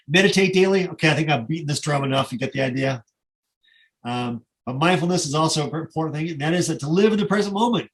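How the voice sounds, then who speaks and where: A middle-aged man giving a casual slide presentation, conversational and rambling, with many fillers and asides. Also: on the high side.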